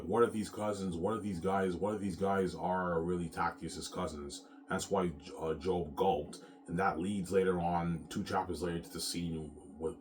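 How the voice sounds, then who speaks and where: Deep-voiced guy hyping his own book, keeps tripping over words, swears a lot, bit of faint hiss behind him. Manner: stumbling repeated restarts, casual swearing, boastful. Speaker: author promoting his own novel. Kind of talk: casual rambling monologue.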